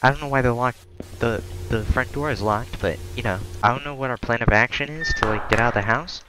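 A man giving crude, profane let's-play commentary on a horror game, joking and yelling when scared. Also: mid-range voice, brisk, background noise. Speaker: gamer playing a horror game.

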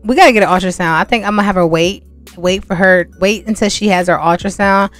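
A young woman chats her way through a gameplay session, speaking straight to her audience in an easy, mid-pitched voice. She slips into exasperated asides when things go wrong. Faint game music plays beneath her. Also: fast talker. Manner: chatty, talks straight to viewers, exasperated asides. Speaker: gameplay vlogger. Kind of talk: casual gameplay commentary.

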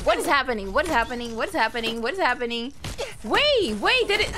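A young woman commenting on her gameplay, excitable and quick to exclaim and burst out laughing. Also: on the high side, noisy background. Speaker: streamer playing a video game.

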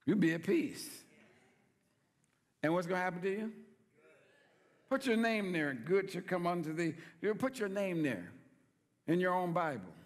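Pastor, male, lively folksy preacher with a high voice, recorded in an echoing sanctuary. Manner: folksy, playful preaching with call-and-response questions. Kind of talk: sermon.

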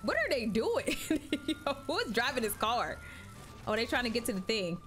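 A woman streaming live gameplay, with loud, excitable banter full of swearing. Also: fairly high pitch, normal speed, faint music behind.

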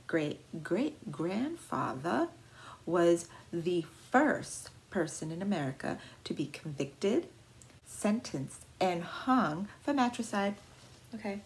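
A woman with a voice a little lower than most speaks as an art history vlogger. She tells her story casually, with slang and playful dramatic asides. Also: a little mellow, slight background noise.

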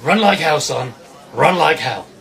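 A man voicing a secretive male janitor, speaking in a low, hushed, conspiratorial way. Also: animated, unhurried, vocal fry, soft background music, some chatter behind, full character voice.

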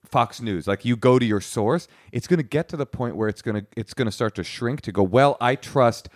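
A man's voice: mid-range voice, brisk, dry recording, clean studio sound. A man co-hosting a podcast, chatting casually with wry, musing asides. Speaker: podcast co-host.

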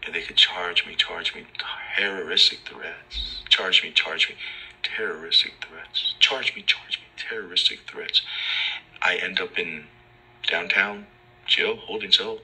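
Profane ranting man with a bright voice. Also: sits low, measured pace, low-quality recording. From Los Angeles. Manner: ranting, profane, acts out officers' lines. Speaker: vlogger. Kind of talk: angry personal rant.

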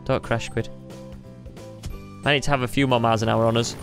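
A woman casually commentating while she plays a flying game, excitable and playful, talking to herself and her viewers. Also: rumbling low, a little fast, creaky. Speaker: gaming YouTuber. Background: game music.

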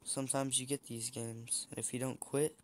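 A man's voice: mid-range voice, little pitch movement, moderate pace, a little hiss or hum. A young man giving casual, chatty commentary while playing a shooter game, teasing the other players. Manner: chatty, teasing opponents, frequent restarts. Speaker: gameplay streamer.

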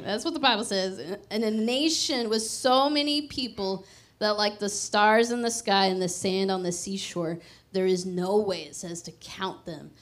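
Young woman pastor preaching, easygoing, laughs a lot, middle pitch. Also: fairly bright tone. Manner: conversational preaching, laughs often, playful emphasis. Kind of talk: sermon.

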